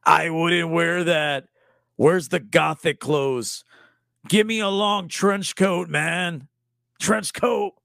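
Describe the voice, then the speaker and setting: Brief: a man doing a slow, grumbling goth kid, pitched a bit higher than his own voice. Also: creaky, a bit bright, dry recording, clean studio sound, heavily acted. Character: sullen young man craving gothic clothes.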